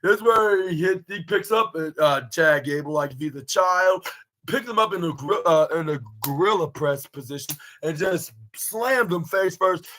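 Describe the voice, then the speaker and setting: A man's voice: sits high, expressive, normal speed, fairly bright tone, low-quality recording. A young man hosting a podcast, recapping a wrestling match in a rambling, casual way, full of fillers and restarts. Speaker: podcast host reviewing wrestling. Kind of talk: casual recap, play-by-play retelling.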